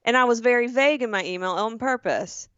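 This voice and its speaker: A woman with a Southern US accent, co-hosting a podcast and telling a story in an animated way, acting out the voices. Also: on the high side, fairly quick, dry recording, muffled recording. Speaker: podcast co-host. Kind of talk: casual chat.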